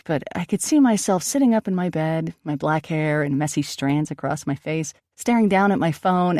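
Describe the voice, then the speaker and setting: A woman narrating an audiobook in the first person, with steady, reflective storytelling. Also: on the low side, no echo, clean studio sound.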